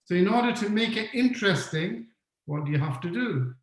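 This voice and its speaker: A man's voice: high voice, expressive, brisk, echoey room, poor audio. A man giving an online talk on leadership who keeps asking the audience questions and repeats his key points. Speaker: webinar speaker on leadership. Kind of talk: interactive online lecture.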